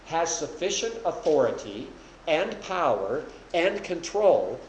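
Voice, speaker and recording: A man's voice: fairly high pitch, big pitch swings, unhurried. A man teaching the Bible to a congregation, asking questions and explaining patiently. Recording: echoey room with faint hum.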